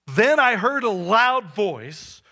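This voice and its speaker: Pastor, male, high bright voice, lively sermon delivery with rhetorical questions. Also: slow pace, vocal fry. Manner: animated preaching, rhetorical questions to the congregation.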